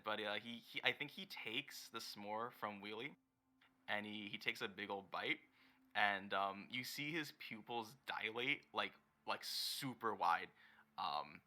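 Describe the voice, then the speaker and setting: Bright-voiced man narrating as game master. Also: lowish voice. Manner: halting, rambling, searches for words mid-sentence. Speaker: dungeon master. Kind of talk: improvised tabletop game narration.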